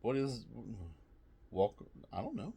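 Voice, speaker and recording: A man's voice: mid-range voice, huge pitch swings, slow, gravelly, dark tone, slightly rough. A man casually reviewing snacks, reading trivia aloud with jokey asides, swearing and laughing often.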